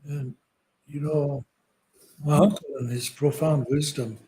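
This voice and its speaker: An older man telling a personal story in a slow, halting, soft-spoken way. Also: a little high, fairly even intonation, a little hiss or hum, poor audio. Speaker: podcast guest speaker.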